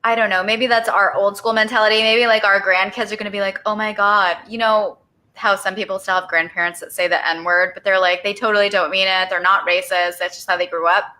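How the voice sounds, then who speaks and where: A woman's voice: medium pitch, steady tone, fast talker, pushed and bright. A woman co-hosting a casual podcast, chatting in a reflective way with many fillers. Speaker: podcast co-host. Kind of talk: casual chat.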